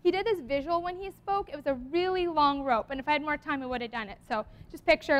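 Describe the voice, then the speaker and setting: A woman's voice: sits high, quick pace, hardly any pauses. A woman giving a heartfelt, earnest church talk to her congregation, at times reading a poem aloud and close to tears. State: tearful at times. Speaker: lay speaker at church.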